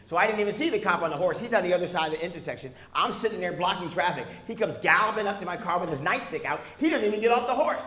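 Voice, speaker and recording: High-voiced man doing loud crowd work. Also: lively intonation, very fast, hardly any pauses. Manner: loud, teasing, bursts into shouts. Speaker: stand-up comedian. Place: comedy club. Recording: echoey club, crowd and noise behind. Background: audience laughter.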